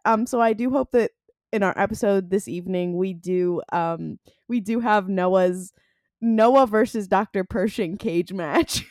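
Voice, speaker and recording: A woman's voice: mid-range voice, normal speed, dry recording, clean studio sound. A woman co-hosting a casual podcast, rambling and hesitant, trailing off with fillers. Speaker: podcast co-host.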